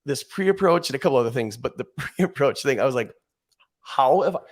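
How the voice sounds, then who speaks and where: Podcast guest, man in his 40s, mid-pitched voice, animated rambling storyteller who keeps restarting. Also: fast talker. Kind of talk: casual chat.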